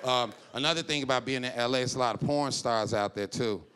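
A man's voice: medium pitch, a little fast, clean tone. A man doing a stand-up comedy set on a club stage, telling loose stories and slipping into quoted voices. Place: comedy club stage before a live audience. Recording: live club with loud audience and room noise.

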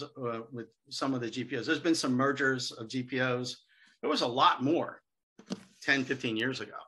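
A middle-aged man appears as a seminar guest, sharing lively anecdotes about selling to hospitals. He acts out the quoted dialogue in a medium-pitched voice.

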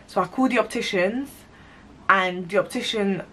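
A young woman, talking to camera in an animated, slangy and self-mocking way while telling a story, recorded at home on a camera mic. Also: mid-range voice, moderate pace, a little hiss or hum. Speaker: vlogger. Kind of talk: storytime monologue.

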